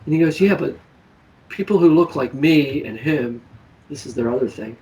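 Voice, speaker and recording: A man hosting a casual political chat, telling stories in a lively way and acting out the people he quotes. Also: a little high, normal speed, distant mic, rough recording. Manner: animated storytelling, acts out quoted people. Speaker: show host.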